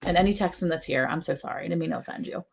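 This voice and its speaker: A woman with a fairly low voice hosts a relaxed livestream from a ranch. She chats easily, reads viewer comments aloud and laughs often. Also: rapid-fire, creaky, slight background noise. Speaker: livestream host. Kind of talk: casual livestream chat. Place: ranch home.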